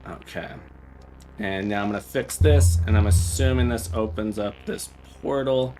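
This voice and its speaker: A man's voice: on the low side, moderate pace, mellow, slight background noise, rough recording. A man hosting a livestream, playing a game and thinking aloud as he sounds out Morse code beeps. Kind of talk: casual livestream chat while playing.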